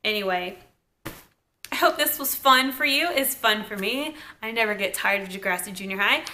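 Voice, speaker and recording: A young woman with a Southern US accent, casually recapping a TV episode in a chatty, relaxed way. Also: mid-range voice, moderate pace. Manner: chatty, relaxed, lots of "like" and "kinda". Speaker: TV episode reviewer.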